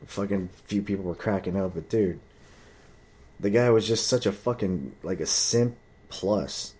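Young man, low dark voice, heated profane storytelling monologue. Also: unhurried, slightly rough. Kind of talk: casual ranting monologue.

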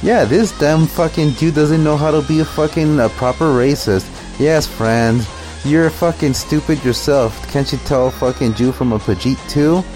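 A man's voice: a little high, normal speed, darkish tone, soft background music. A man doing profane, mocking commentary over a video clip, with a sneering, swearing manner.

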